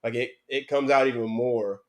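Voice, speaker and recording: A young man from North Carolina talks casually as a podcast guest at an ordinary mid pitch. His speech wanders, with frequent fillers and restarts, in an easygoing conversational way. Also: fairly even intonation, normal speed. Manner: rambling, many fillers and restarts. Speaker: guest, former BMX racer.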